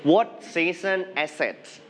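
A man with a Thai accent leads a classroom English lesson, his voice sitting somewhat high for a man. He is patient and coaxing, slowing his words right down so the class can repeat after him. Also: animated, slight background noise. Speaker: English teacher.

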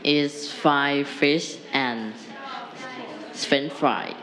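A student answering in class a little away from the mic. The answers come very slowly and hesitantly, one word at a time, with classroom noise around. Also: medium pitch, sharp tone.

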